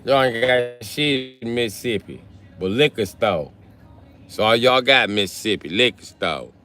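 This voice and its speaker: A man's voice: medium pitch, animated, measured pace, sharp tone. A man chatting casually on a livestream, reading comments and trading crude, joking banter with his viewers. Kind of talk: casual live stream chat. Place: South Carolina.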